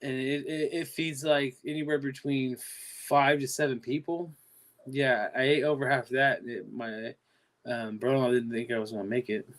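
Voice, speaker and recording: A man's voice: medium pitch, little pitch movement, normal speed, a bit bright. A man with a Californian accent hosts a casual livestream. He rambles through long stories, often repeating himself and trailing off mid-thought. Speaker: livestream host. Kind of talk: casual live-stream chat.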